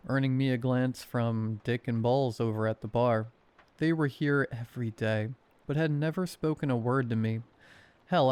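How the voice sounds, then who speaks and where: Smooth-voiced man narrating horror. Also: mid-range voice, darkish tone. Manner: wry, sardonic storytelling. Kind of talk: horror story narration for sleep.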